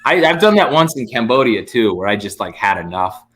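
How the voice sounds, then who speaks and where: With a medium pitch and a brisk pace, a man from the United States tells a story as a comedian guest on a podcast. The chat is casual, and he's animated and foul-mouthed, voicing both people in the exchange.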